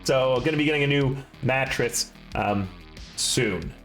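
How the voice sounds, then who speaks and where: A man's voice: mid-range voice, measured pace, fairly bright tone, faint music behind. A young man streaming, chatting casually and rambling with self-deprecating asides before running a tabletop game.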